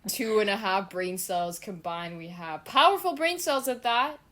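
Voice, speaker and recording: A woman's voice: medium pitch, expressive, normal speed, a bit bright. Hesitant, rambling young woman co-host. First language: not English. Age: young adult. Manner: hesitant, rambling, dry humor. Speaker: podcast co-host. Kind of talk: casual chat.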